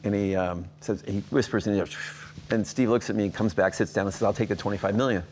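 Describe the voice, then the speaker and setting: A man in his sixties with a low voice tells stories in a sit-down interview. He acts out the quoted dialogue, and his voice leaps upward on the exclamations. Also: quick pace, slight background noise. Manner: animated anecdotes, acting out quoted dialogue with big jumps in pitch. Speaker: interview guest.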